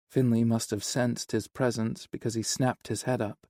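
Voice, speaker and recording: A man reading a romance novel aloud in an even, unhurried way as an audiobook narrator. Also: medium pitch, dry recording, clean studio sound. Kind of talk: scripted narration.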